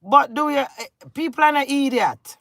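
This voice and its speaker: Woman, Jamaican accent, middle-aged, confrontational patois rant, very gravelly, dry sound. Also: sits high, normal speed, fairly bright tone, no echo. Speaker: vlogger. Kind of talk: emotional rant to camera.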